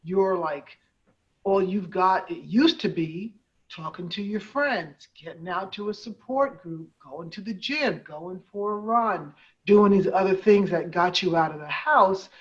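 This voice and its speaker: A woman's voice: lowish voice, a little slow. A woman hosting a conversational interview, talking in a rambling way with many fillers and restarts. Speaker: host, nonprofit head. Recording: dull, lo-fi sound.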